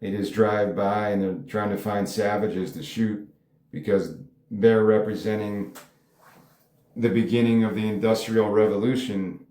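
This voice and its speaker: Alone in an echoey room, a man muses about the screenplay he wrote, rambling and hedging often in casual commentary. He speaks a little slowly in a lowish, steady, mellow voice.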